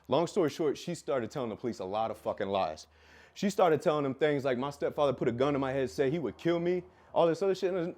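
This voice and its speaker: A man telling a raw personal story with heavy swearing, dropping low and quiet, then bursting out loud. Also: expressive, a little fast. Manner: profane, intense, swings from quiet to loud; loud, self-described. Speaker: fitness business coach telling his life story.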